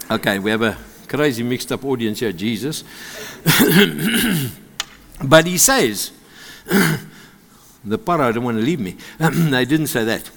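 A man with a South African accent preaching a sermon, animated and joking with the congregation. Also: medium pitch, slow, gravelly, long pauses, slight background noise. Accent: South African English. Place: church service with congregation. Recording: long hall reverb.

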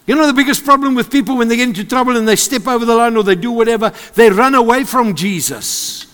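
A man with a South African accent preaching a sermon, animated and joking with the congregation. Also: very high-pitched, quick pace. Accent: South African English. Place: church service with congregation. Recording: long hall reverb.

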